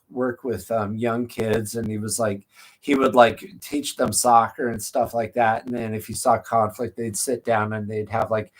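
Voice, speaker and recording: A man who runs a therapy practice, telling a personal story in a casual, rambling way on a live stream. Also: medium pitch. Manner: rambling and conversational, with frequent restarts.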